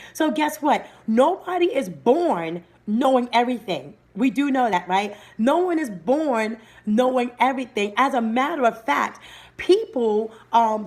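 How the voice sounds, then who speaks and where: A woman hosting a live-streamed motivational talk, speaking energetically and breaking off to greet viewers by name. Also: sits high. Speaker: livestream host and motivational speaker.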